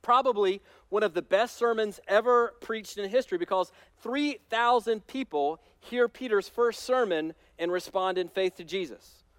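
High-voiced man preaching a lively sermon. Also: moderate pace, hardly any pauses, clear, resonant tone, no room sound. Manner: conversational, animated storytelling with humor. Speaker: pastor.

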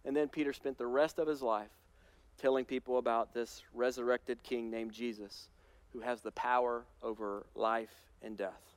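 A man pastor preaching a sermon in a conversational, animated storytelling way with touches of humor. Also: mid-range voice, normal speed, clear, resonant tone, no room sound.

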